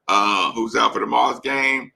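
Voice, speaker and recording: Gravelly, bright-voiced male chat host. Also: medium pitch, steady tone, normal speed. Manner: rambling, reads and answers chat comments. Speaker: live show host reading chat. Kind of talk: casual late-night live chat.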